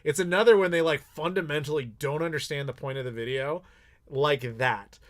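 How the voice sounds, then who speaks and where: A man with a somewhat high voice chats casually with his viewers during a live Q&A stream. He is candid and blunt, swears freely and tells his stories in an animated way. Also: normal speed. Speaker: YouTuber host.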